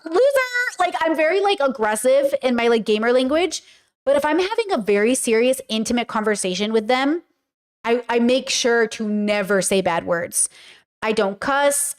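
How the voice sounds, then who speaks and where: This podcast host, a woman with a high voice, addresses her viewers directly in a rambling, chatty monologue. Her talk is frank and full of fillers, especially "like," with casual swearing mixed in. She often slips into acting out quoted speech as she argues her points.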